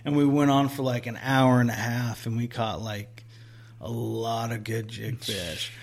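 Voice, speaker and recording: Brief: casual male storyteller, mid-pitched voice, loose and rambling with filler words and the odd curse. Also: fairly even intonation, measured pace. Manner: rambling storyteller, lots of "like", swears, acts out quotes. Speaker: angler telling a story. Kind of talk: casual chat.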